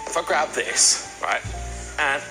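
High, wildly animated male interviewer. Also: slow, over music, low-quality recording. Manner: excitable, giggly, hesitant. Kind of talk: casual interview chat.

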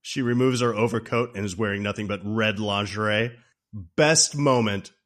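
Male podcast host, lowish voice, lively recap, laughs a lot. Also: moderate pace. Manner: animated, laughs often, acts out scenes. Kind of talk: casual movie recap.

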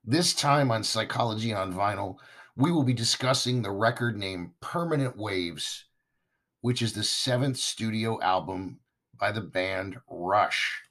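A man hosting a podcast in a casual, chatty monologue, his voice hoarse and raspy as he recovers from losing it. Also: lowish voice, measured pace, a bit bright. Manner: chatty, enthusiastic, talks straight to listeners. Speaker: podcast host.

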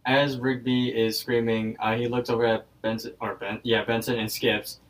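A man's voice: medium pitch, little pitch movement, normal speed, far from the mic, low-quality recording. A man co-hosting a podcast, chatting through a story and leaning on "like" as filler. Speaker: podcast co-host. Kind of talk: casual episode recap.

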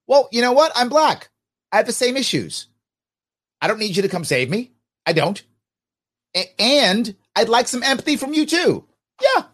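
A man's voice: extremely high pitch, very animated, normal speed, long pauses, a bit bright. A man hosting a podcast, giving emphatic, opinionated commentary on listener comments with sarcastic asides.

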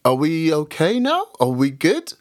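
Slow, lively-pitched podcast co-host, man. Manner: stumbling, repeats words, laughs easily. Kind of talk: casual football chat.

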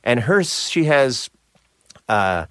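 A middle-aged man from New Jersey, a voice actor, telling stories in a casual interview with crisp, clipped enunciation and a slight Jersey edge. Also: medium pitch, extremely slow, no echo, studio quality. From New Jersey, USA. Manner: animated storyteller, slips into voices. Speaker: voice actor guest.

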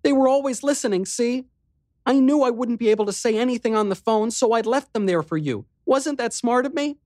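A man voicing a frightened young woman, a little sister who is tearful but mischievous, speaking high, quick and eager. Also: a little mellow, no room sound, studio quality. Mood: eager, proud.

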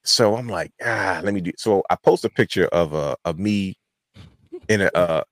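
A man's voice: low-pitched, normal speed, dry recording. A man hosting a wrestling podcast, telling a long rambling story in casual chat. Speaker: podcast host.

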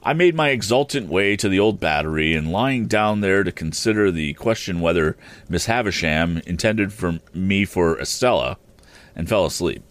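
A man narrating a classic novel in the first person, measured and expressive. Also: sits low. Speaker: audiobook narrator.

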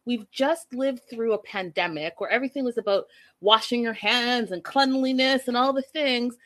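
Young woman vlogger, lively gossipy commentary with a slightly raised pitch. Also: normal speed. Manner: animated, gossipy, says y'all. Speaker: reality TV reviewer. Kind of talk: casual commentary to viewers.

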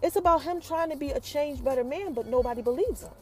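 A woman casually recapping a TV episode for her viewers, chatty and animated, who keeps calling out to them. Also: sits high, quick pace, a little hiss or hum.

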